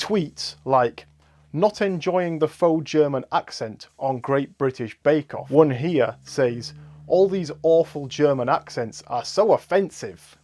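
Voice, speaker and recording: A man delivering scripted comedic commentary with dry, deadpan sarcasm. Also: medium pitch.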